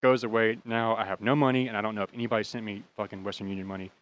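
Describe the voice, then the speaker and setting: A man's voice: on the low side, level tone, very fast. An American man in his thirties casually telling a rambling, profane story and laughing at his own bad luck. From United States. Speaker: podcast host.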